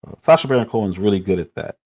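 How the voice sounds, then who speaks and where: A man's voice: fairly low pitch, very fast, darkish tone. A man in his forties giving critical, exasperated commentary on clips during a livestream.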